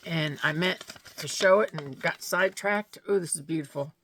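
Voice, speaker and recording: This woman's voice sits low and a bit bright, at a normal speed, with slight background noise. She's a vlogger talking casually to her viewers as she unboxes mail and gifts, laughing and gushing throughout.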